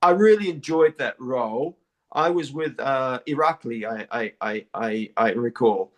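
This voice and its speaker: Measured in pace but lively in intonation, this mid-range male voice belongs to an actor from New Zealand giving an interview. His casual speech is full of repeated words, restarts, and frequent "you know"s.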